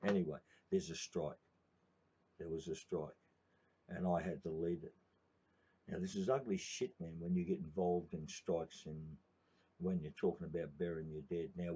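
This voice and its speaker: A man's voice: low-pitched, dark tone, husky. An older man with an Australian accent telling a rambling, profane story in casual talk, calling the listener mate. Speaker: union organiser. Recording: dull lo-fi recording.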